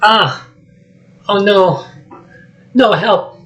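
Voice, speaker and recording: A man voicing a loud, jittery talking male donkey while reading a script aloud, with high excitable chatter. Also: normal speed, rough recording. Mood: panicked. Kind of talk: solo script reading with voices.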